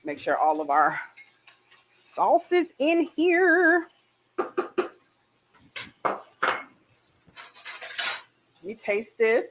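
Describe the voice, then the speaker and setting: A woman's voice: fairly high pitch, big pitch swings, drawn-out words, long pauses, noisy background. A woman hosting a casual cooking show, bubbly and exclamatory, chatting straight to her viewers as she cooks.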